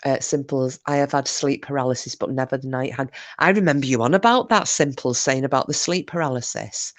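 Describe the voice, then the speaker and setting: Low-voiced chatty Scottish woman. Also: fairly quick. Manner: chatty and teasing, mild swearing. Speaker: livestream host. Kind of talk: casual livestream chat reading comments aloud.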